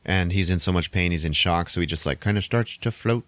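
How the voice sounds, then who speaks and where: A man casually recapping a film's plot on a podcast, loose and wry, swearing and tossing in quick mock voices for the characters. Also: low voice, fairly bright tone, no echo. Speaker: podcast host recapping a film. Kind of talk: casual chat.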